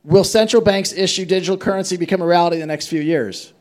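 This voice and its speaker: Playful high-voiced man moderating. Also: fast. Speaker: panel moderator. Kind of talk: conference moderating.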